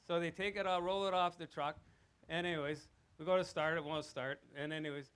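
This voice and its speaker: Rambling father of the bride, bright voice. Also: on the high side, brisk, smooth. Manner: rambling anecdotes, chuckling, gets loud and animated. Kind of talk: wedding speech. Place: wedding reception.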